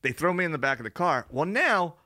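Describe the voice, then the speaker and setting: A young adult man on a podcast, telling a story in casual chat, animated, laughing often and swearing freely. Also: a little high, fairly quick. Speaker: podcast co-host.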